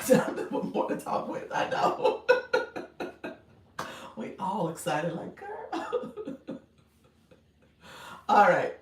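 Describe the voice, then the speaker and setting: A woman's voice: on the low side, roomy sound, distant mic. A woman, chatting casually on her livestream, giggly and chatty as she answers viewers. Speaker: livestream host and coach.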